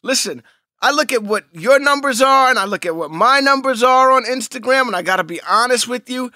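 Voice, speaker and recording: A man co-hosting a podcast, joking around loudly and riffing in casual chat. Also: extremely high pitch, lively intonation, a little fast, dry recording, studio quality. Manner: loud, playful, riffing. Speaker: podcast co-host.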